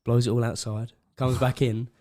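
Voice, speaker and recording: A man's voice: mid-range voice, flat delivery, moderate pace, a little mellow. A man co-hosting a casual podcast, telling a long rambling joke with frequent laughs and trailing asides. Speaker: podcast co-host. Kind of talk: casual chat.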